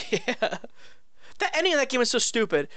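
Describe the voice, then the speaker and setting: Young male podcast co-host, animated pitch, dry close mic, profane and laughing banter. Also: normal speed, no room sound. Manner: swears a lot, laughs often, acts out silly voices. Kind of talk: casual chat.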